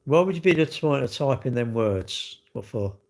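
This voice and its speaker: A man's voice: mid-range voice, animated, moderate pace, vocal fry. Blunt man rambling to chat. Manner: blunt, rambling, with frequent restarts and rhetorical questions. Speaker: livestreamer answering chat. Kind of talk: casual live-stream chat.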